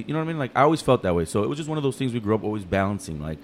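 A man talking casually on a podcast, telling stories in a fast, animated, profane way. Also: mid-range voice, slight background noise. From United States.

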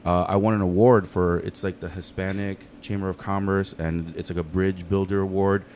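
A man talking casually on a podcast, telling stories in a fast, animated, profane way. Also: deep voice, a little hiss or hum. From United States.

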